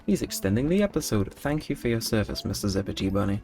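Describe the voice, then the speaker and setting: A man's voice: lowish voice, very animated, quick pace, a little mellow, faint music behind. A young man telling stories in late-night gameplay commentary, rambling with mock-indignant outbursts. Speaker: gaming channel host.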